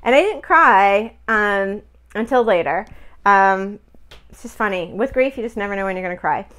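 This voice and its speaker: A middle-aged woman talking casually about something personal, her voice smooth and clear. She rambles a little, with fillers and acted-out bits of dialogue, and sounds close to tears at times. Recorded at home. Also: medium pitch, expressive, moderate pace, fairly bright tone. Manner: emotional, chatty, many fillers and quoted dialogue. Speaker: spiritual healer telling a personal story.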